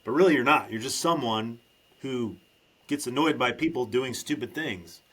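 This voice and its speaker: A man hosts a podcast in a loose, casual conversation. He rambles and restarts his sentences, then leans hard on his points. His pitch sits in an ordinary middle range for a man. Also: normal speed, a bit bright, husky. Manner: rambling, restarts often, emphatic. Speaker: podcast host.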